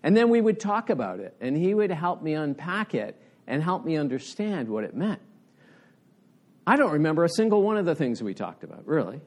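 A man's voice: on the high side, very animated, a little fast. A middle-aged man preaching a sermon in an earnest, conversational way with rising emphasis. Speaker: pastor.

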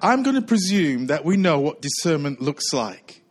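A middle-aged man delivers a sermon from the pulpit with a rather high voice. He is slightly out of breath and keeps circling back to the same lines, stretching them slowly for weight. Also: big pitch swings, low-quality recording. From United Kingdom. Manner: earnest preaching with repetition and slow emphatic phrases. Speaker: pastor.

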